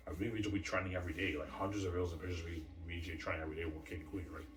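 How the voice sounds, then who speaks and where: A man's voice: low-pitched, fairly even intonation, rapid-fire, noisy background. A man talking in a boastful, rambling monologue, peppered with "man" and "yeah". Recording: roomy distant mic with faint ambience.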